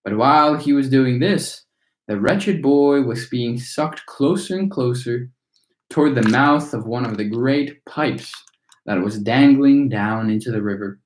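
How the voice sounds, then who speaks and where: A man's voice: mid-range voice, unhurried. Man reading a children's book aloud. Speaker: storytime reader. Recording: echoey room.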